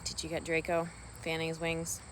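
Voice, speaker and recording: A woman vlogging casually outdoors on a farm, talking softly and rambling fondly about her pet ducks. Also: sits low, monotone, normal speed, a little hiss or hum. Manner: soft-spoken, meandering, affectionate toward her pets. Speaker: vlogger and duck keeper. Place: outdoors on a rural farm by water.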